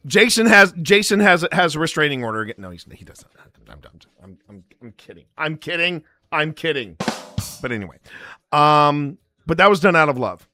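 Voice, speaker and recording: Bright-voiced man chatting to his stream. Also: fairly high pitch, expressive, moderate pace, soft background music. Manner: rambling and jokey, talks straight to the chat. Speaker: paranormal investigator and live stream host. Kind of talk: live stream tutorial chat.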